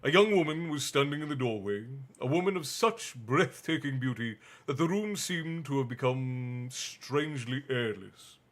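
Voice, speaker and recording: A man reading a bedtime story aloud on a stream and chatting with viewers in a relaxed, chatty manner. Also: mid-range voice, normal speed, hardly any pauses. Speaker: stream host and reader. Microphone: streaming mic.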